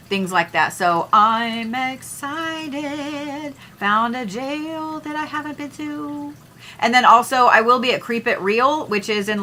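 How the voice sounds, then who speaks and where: A chatty young woman talks to her livestream viewers, rambling from one thing to the next and dropping the odd swear word. Her voice comes across bright and forward, close on a desk mic. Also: a little high. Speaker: livestream host, astrology reader. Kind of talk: casual livestream chat.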